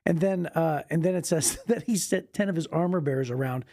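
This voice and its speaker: Gravelly husky man, dry sound. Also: on the high side, a little fast, warm tone, no room sound. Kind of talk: casual discussion.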